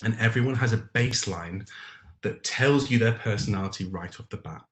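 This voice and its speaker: A man's voice: fairly low pitch, brisk, a bit bright. Man presenting a live webinar in a roomy room. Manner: reads out chat answers by name, with frequent ums. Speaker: webinar trainer.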